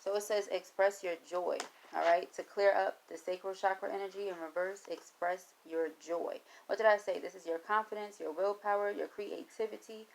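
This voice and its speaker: A woman's voice: mid-range voice, fairly even intonation, brisk, gravelly, hardly any pauses, slight background noise, rough recording. A woman reading tarot cards for her viewers, who encourages them, talks to Spirit aloud and repeats her phrases like mantras. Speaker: tarot reader.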